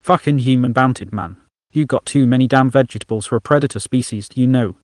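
A wry, foul-mouthed alien refugee woman, voiced by a man in a steady, mid-pitched tone. She swears freely and speaks bluntly, in a dry, close-sounding read. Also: brisk, no echo, close to an everyday voice. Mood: giddy.

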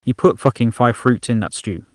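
A wry, foul-mouthed alien refugee woman, voiced by a man in a steady, mid-pitched tone. She swears freely and speaks bluntly, in a dry, close-sounding read. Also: moderate pace, dry recording, close to an everyday voice. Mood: giddy.

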